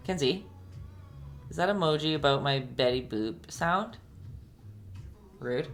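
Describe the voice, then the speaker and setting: A young woman with a low voice leads a casual live-streamed painting lesson. She chats easily with her viewers, calls them by name and laughs a lot between steps. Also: animated, slow, pauses often. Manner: chatty, laughs often, talks to viewers by name. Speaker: painting instructor. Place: home painting setup.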